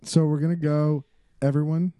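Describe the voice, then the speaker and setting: A man's voice: fairly high pitch, little pitch movement, normal speed, mellow, no echo. A man co-hosting a podcast in playful, laughing banter, egging the others on. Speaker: podcast co-host. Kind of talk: casual chat.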